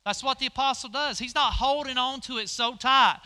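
Preacher, male, middle-aged, high-pitched and very bright; folksy sermon, calling out volunteers onstage. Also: moderate pace, few pauses. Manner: folksy, directs volunteers on stage. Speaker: pastor. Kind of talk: sermon with live stage demonstration.

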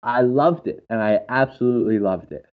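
A man chatting casually and telling animated, laughing stories. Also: medium pitch, a little fast. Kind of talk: casual chat. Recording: dull lo-fi audio.

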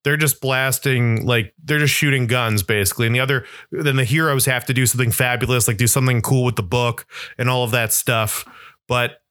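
A man co-hosting a podcast in casual chat, rambling and animated, full of restarts and "like". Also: medium pitch, a little fast, dry recording, clean studio sound. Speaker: podcast co-host.

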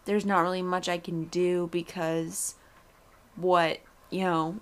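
A woman's voice: on the low side, flat delivery, slow, clean tone. A young woman co-hosting a podcast, talking things through with hedges and the odd blunt remark. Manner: thoughtful, hedging, blunt at times. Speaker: podcast co-host. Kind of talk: casual chat.

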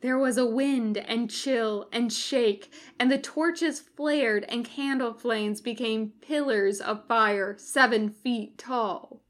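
A woman narrating a fan audiobook in a measured, wry way. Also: a little high.

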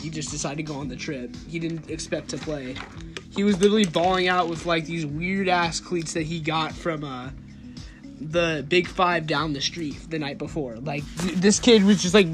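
Young guy with a high voice telling a long story, swears a lot, music going in the back. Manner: rambling, profane, trailing off with fillers. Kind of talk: casual storytelling. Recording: music playing behind.

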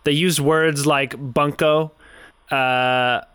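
A man with a bright, crisp voice talks through a game in relaxed podcast banter. His delivery is animated and jokey. The sound is close and dry, with no room around it. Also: fairly high pitch, drawn-out words, no echo. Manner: joking, animated storytelling. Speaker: podcast co-host. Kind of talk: casual gaming podcast chat.

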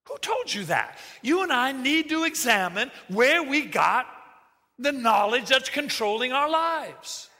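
Pastor, male, bright high voice, animated sermon delivery, big echoing hall. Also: unhurried. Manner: animated, acts out quoted voices, jokey asides. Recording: reverberant hall sound.

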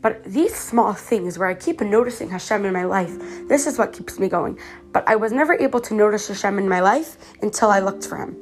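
A teenage girl from Canada talks through her own podcast in an earnest, chatty way, tripping over her words and restarting often. She is a little sick, and soft music plays faintly behind her. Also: mid-range voice, brisk. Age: teens. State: slightly sick. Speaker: podcast host. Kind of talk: casual personal podcast monologue.

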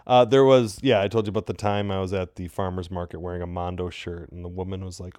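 A man hosting a podcast, deadpan and crude, telling stories in casual banter. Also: sits low, quick pace, hardly any pauses, smooth, no echo. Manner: deadpan, crude joking storyteller. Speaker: podcast host.

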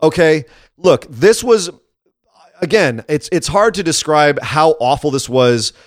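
A man co-hosting a casual podcast who rants with sarcasm and animated frustration. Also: a little high, unhurried, no echo. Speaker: podcast co-host. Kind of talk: casual wrestling commentary chat.

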